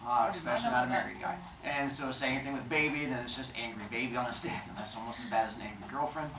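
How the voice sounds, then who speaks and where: A man teaching a class, quizzing his students and telling a story in an animated, joking way. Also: mid-range voice, fast talker, roomy sound, distant mic, noisy background.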